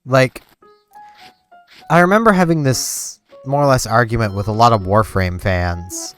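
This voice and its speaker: A man's voice: mid-range voice, measured pace. A young man chatting casually and rambling as he plays a game on his channel, filling his talk with "like". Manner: rambling, relaxed, with many "like" fillers. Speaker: gaming channel host. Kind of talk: casual chat while playing a game. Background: faint game music.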